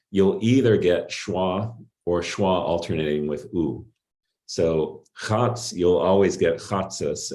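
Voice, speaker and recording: A middle-aged man giving an academic linguistics talk in a measured, explanatory way, with some pauses and fillers. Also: low-pitched, warm tone. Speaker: linguistics lecturer.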